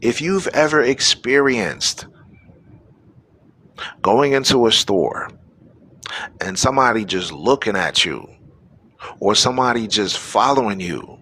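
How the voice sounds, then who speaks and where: A man's voice: on the low side, lively intonation, slow pace, long pauses, pushed and bright, breathy edge. A man hosting a live-streamed news show, delivering preachy, exhorting commentary to his audience. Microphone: phone or webcam on a live stream.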